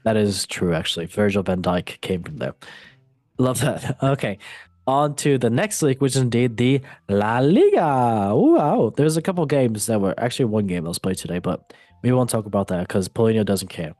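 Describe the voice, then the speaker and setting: A man's voice: on the low side, animated, normal speed, a little mellow, no echo. A man hosting a casual football podcast, playful and goofy, joking at his own expense. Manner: goofy, playful, self-mocking. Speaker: host.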